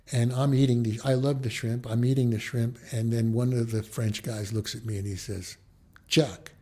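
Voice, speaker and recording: A man's voice: medium pitch, husky. An older man from the Bronx, telling anecdotes in a conversation and acting out the dialogue of the people in them. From the Bronx, New York. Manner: animated storyteller who acts out quoted dialogue. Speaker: interviewee, photojournalist.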